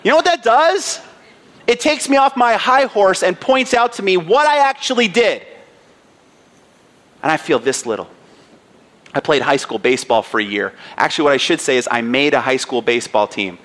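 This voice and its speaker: A man's voice: a little high, big pitch swings, normal speed, fairly bright tone. A man in his thirties, a pastor preaching a sermon with earnest emphasis and personal stories.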